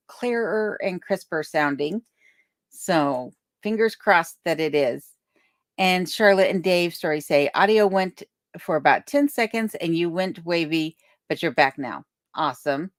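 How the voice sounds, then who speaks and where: A woman's voice: lowish voice, dry recording, clean studio sound. A woman hosting a casual livestream, reading viewer comments aloud and thanking people in a chatty way, from her home. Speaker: livestream host. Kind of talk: casual live chat. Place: remote home in Alaska. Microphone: desk microphone on a boom arm.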